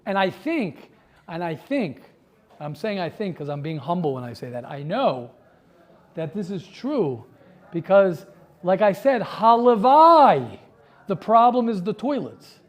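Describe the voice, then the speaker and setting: A man's voice: high-pitched, sing-song, unhurried, darkish tone. A man giving a sermon as a rabbi to a live class, impassioned and talking in repeated phrases and restarts.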